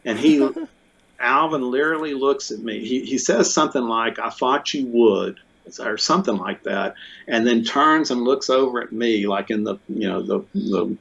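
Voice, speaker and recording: A man being interviewed, telling a long story in a casual, rambling way with many restarts, fillers and bursts of excitement. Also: medium pitch, normal speed, gravelly, breathy edge. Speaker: interview guest, musician. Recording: muffled lo-fi audio.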